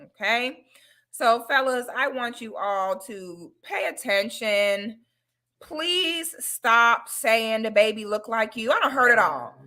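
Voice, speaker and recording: A woman hosting a casual livestream talk, giving blunt, opinionated advice in an animated way. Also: fairly high pitch, slow. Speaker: online talk host.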